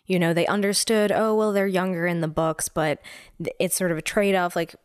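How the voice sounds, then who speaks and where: A woman co-hosting a podcast in casual chat, talking quickly with lots of fillers and restarts. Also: lowish voice, smooth, no echo, studio quality. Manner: animated, talks fast with many fillers and restarts. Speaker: podcast co-host.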